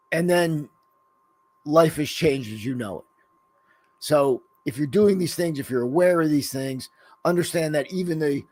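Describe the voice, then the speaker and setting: A man co-hosting a podcast in loose, rambling casual chat, swearing freely and filling gaps with "you know.". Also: a little high. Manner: rambling and profane, full of "you know" fillers. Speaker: podcast co-host.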